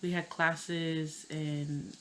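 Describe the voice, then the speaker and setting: A woman in her thirties telling a personal story on her channel, tearful and halting, with many pauses and fillers. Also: sits low, flat delivery, a little hiss or hum, low-quality recording. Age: 30s. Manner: hesitant, halting, full of "you know". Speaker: vlogger.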